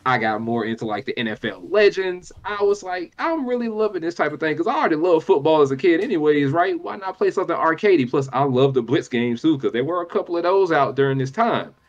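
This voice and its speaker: Animated young man, slightly dull audio. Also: on the high side, fast, few pauses. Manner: animated, nostalgic, slangy. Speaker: podcast co-host. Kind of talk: casual podcast chat.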